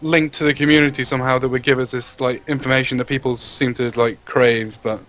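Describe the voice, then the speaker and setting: A man who plays in the match and is interviewed afterwards, joking dryly and talking fast. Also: mid-range voice, little pitch movement, highs cut off. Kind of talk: casual post-game interview.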